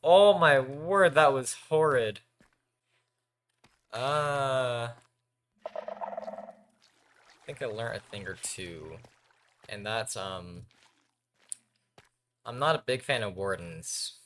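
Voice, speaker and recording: A man's voice: mid-range voice, animated, drawn-out words, pauses often, fairly bright tone, a little hiss or hum. A young man commentating his own game, talking to himself and his viewers and yelping when startled. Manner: jumpy, talks to himself and viewers, yelps when scared. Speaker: gaming YouTuber. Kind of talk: Minecraft let's play commentary.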